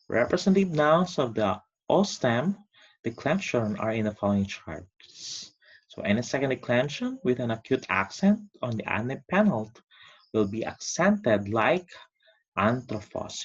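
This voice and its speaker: Lively, husky male teacher, lo-fi sound. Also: medium pitch. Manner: lively, drawn-out emphasis on key words. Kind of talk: recorded online lesson. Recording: dull lo-fi recording.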